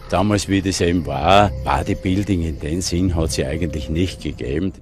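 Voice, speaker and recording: A man's voice: deep voice, moderate pace, noisy background. A man recalling old days in an easygoing, dialect-tinged way. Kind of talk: interview recollection.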